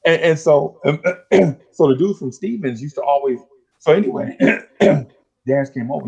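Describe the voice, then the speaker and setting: A man's voice: a little high, normal speed, vocal fry, breathy edge, muffled recording. A middle-aged man telling street stories in casual chat, full of slang and acting out the voices of old friends. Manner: streetwise slang, animated storytelling, acts out dialogue. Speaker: podcast host.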